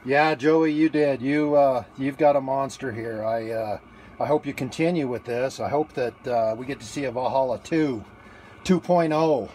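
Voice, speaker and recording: A man's voice: medium pitch, moderate pace, a little mellow, a little hiss or hum. Chatty man livestreaming from a grill. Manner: chatty, rambling, many fillers and restarts. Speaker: livestreamer taking a food challenge. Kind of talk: casual live-stream chat. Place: outdoors at a barbecue grill in the evening. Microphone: phone held in one hand.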